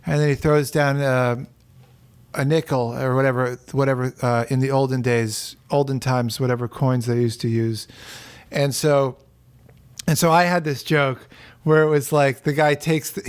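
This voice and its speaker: Guy rambling deadpan goofy stories, kinda high voice, lots of uhs. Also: clean tone. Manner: deadpan absurd storytelling with many fillers. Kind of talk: joking improvised banter.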